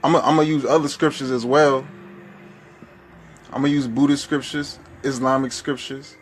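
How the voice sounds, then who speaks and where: Male preacher, fervent rhetorical sermon, mid-pitched voice, faint music bed. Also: little pitch movement, moderate pace. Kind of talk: spoken-word sermon over music.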